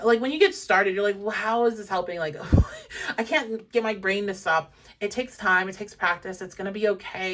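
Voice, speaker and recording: A young woman talks her viewers through a tarot reading, chatty and reassuring, with plenty of "um" and "like". Her voice sits a little low, and she sounds a bit away from the microphone. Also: fairly bright tone, distant mic. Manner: chatty, encouraging, rambling with fillers. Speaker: tarot reader. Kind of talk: pick-a-card tarot reading.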